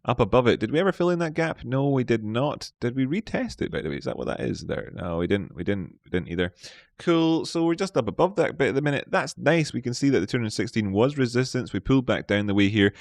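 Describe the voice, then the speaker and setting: A man's voice: mid-range voice, very animated, quick pace, creaky, no room sound, clean studio sound. A man hosting a live market analysis stream, playful, chatting with viewers and talking to himself. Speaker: trading stream host.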